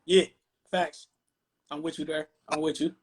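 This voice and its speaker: A man's voice: fairly high pitch, flat delivery, a little slow. Laid-back man hosting hip-hop talk. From Detroit, USA. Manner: laid-back, explanatory, frequent "you know what I'm saying". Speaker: podcast host.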